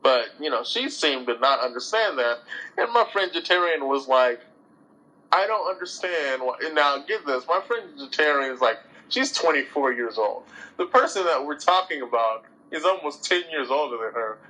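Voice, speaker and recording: A man hosting a discussion show, retelling a story in an animated, colloquial, exasperated way. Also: mid-range voice, moderate pace, low-quality recording. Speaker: host. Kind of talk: casual storytelling monologue.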